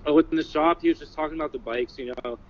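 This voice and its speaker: A man telling what he witnessed in a casual livestream, halting and full of "like" and "you know". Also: a little high, muffled recording. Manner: halting, filler-heavy, many "like" and "you know". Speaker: eyewitness recounting an event. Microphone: phone.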